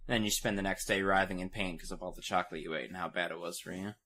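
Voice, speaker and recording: A young man co-hosting a podcast, recapping with animated, profane storytelling and acted-out quotes. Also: deep voice, rapid-fire. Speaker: podcast co-host. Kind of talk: casual comedic recap chat.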